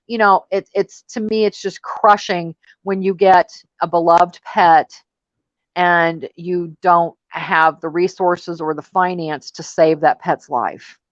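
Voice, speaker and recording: A woman's voice: lowish voice, steady tone, slow, dry recording, muffled recording. A woman hosting a casual panel chat, telling stories in a chatty, exasperated way. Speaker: host.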